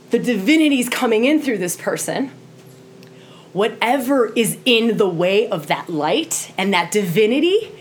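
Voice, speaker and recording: A woman's voice: mid-range voice, a little hiss or hum. A woman teaching tantra to a group in an impassioned way, often checking in with "right?" and acting out quoted voices.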